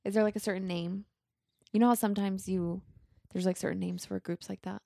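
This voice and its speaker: A woman's voice: medium pitch, steady tone, fairly quick, creaky, dark tone, dry recording, clean studio sound. Playful woman co-hosting a podcast. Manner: playful, giggly banter. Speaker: podcast co-host. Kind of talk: casual chat.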